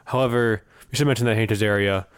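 A man's voice: on the low side, fairly even intonation, quick pace, smooth, dry recording, studio quality. A man co-hosting a podcast, talking in a wry, conversational way. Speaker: podcast co-host. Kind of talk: casual chat.

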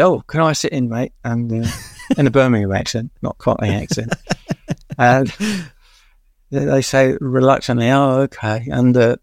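Older male guest, gravelly voice, dry close sound, rambling anecdotal storyteller with many pauses. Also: medium pitch, no echo. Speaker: veteran music journalist, guest.

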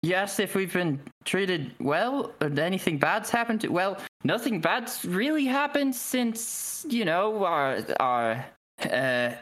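An actor voicing a shaken young male guard who talks haltingly and hesitantly. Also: high voice, expressive, a bit bright, pitched above the performer's own voice, exaggerated voice.

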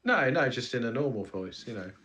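A man, a comedy podcast co-host speaking in casual chat with deadpan, earnest asides. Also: medium pitch, fairly quick.

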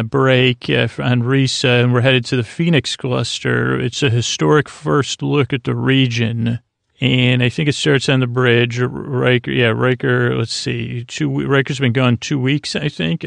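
Gravelly, flat-voiced man rambling a recap. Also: medium pitch, dry recording. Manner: meandering, filler-heavy, halting. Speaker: podcast host. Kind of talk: drowsy, rambling episode recap.

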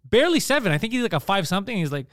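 Podcast host, man, quick and animated storytelling, fairly high voice, dry close sound. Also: dry recording. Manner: animated storyteller, acts out others' lines, swears freely. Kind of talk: casual chat.

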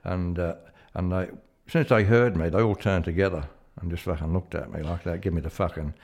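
A man's voice: low-pitched, fairly even intonation, brisk, darkish tone. A man telling a rambling, sweary story in casual chat.

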